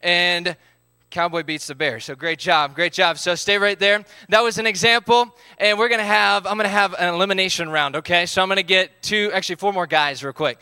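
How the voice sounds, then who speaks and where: Man, high pitched, dry close sound, upbeat game leader. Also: fairly quick, pushed and bright, smooth, dry recording. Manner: upbeat, calls out counts and instructions. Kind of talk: leading a live group game.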